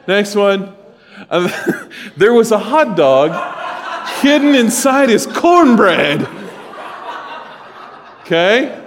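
A man in his forties preaching to a congregation, joking and telling stories between points. His voice sits a little high for a man. A long reverb hangs behind it in the church. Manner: joking, storytelling, talks to congregation. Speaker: pastor. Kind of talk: sermon. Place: church sanctuary.

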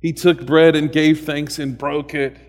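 A man preaching a sermon as a pastor, animated and humorous, with sudden loud bursts and soft asides. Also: fairly high pitch, measured pace, in a large hall.

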